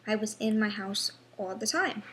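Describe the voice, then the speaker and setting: A young woman in a personal vlog, talking haltingly with many pauses and restarts, sounding frustrated and worn down. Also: mid-range voice, expressive, fairly bright tone, slight background noise. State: unwell. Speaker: vlogger.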